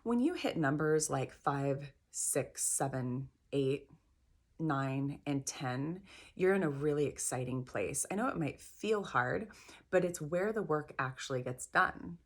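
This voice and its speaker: A middle-aged woman leading a guided tapping session, gentle and encouraging, repeating phrases slowly. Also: low voice, lively intonation. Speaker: tapping practitioner.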